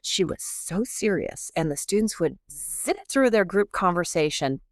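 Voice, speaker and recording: Woman, middle-aged, guest professor, low voice, very lively pitch, chatty, dry sound. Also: measured pace, no echo. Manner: animated, chatty, self-interrupting. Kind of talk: podcast interview.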